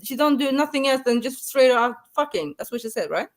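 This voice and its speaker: A woman's voice: high-pitched, lively intonation, brisk. A woman joking bluntly and swearing freely in casual live panel banter.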